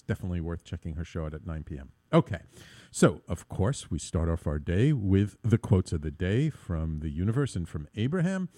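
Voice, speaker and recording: A man's voice: lowish voice, warm tone, no echo, clean studio sound. A man hosting his own internet radio talk show, rambling with many fillers and restarts.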